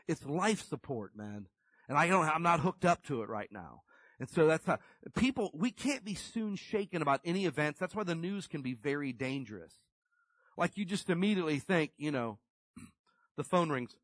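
A man's voice: on the high side, normal speed, no echo. Folksy preacher man, dry close sound. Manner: folksy, animated storytelling with acted-out quotes. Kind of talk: conversational sermon.

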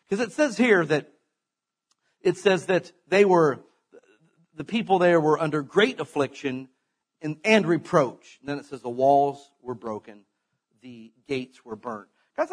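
A middle-aged man delivers a sermon in a loose, conversational way, breaking into sudden emphatic bursts. His voice sits a little high and has a husky edge. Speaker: preacher.

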